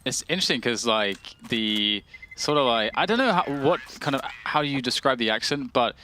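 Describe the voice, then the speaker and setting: A man's voice: mid-range voice, lively intonation, normal speed, sharp tone, a little hiss or hum. A man co-commentating an esports match, chatting in a rambling way with many fillers and restarts. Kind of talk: colour commentary and chat.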